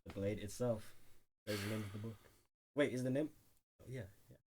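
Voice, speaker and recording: A man's voice: on the low side, brisk, noisy background. A man co-hosting a reaction video, chiming in with short, laid-back replies and jokes. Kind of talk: casual reaction chat.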